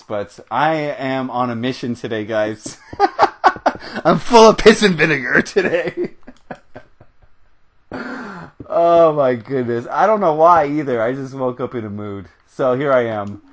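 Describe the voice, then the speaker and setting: A man's voice: medium pitch, animated, normal speed, hardly any pauses. A young American man hosting a gaming video, ranting in a heated, rambling way while he plays, often laughing. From United States. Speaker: gaming channel host. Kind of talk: ranting commentary over gameplay.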